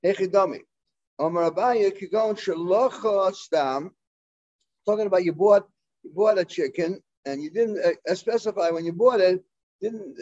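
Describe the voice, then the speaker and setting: Guy with a high voice teaching talmud, lots of uhs and restarts, kinda muffled sound. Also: darkish tone. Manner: halting, full of fillers and restarts, mixing Hebrew and Aramaic terms. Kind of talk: Talmud class lecture.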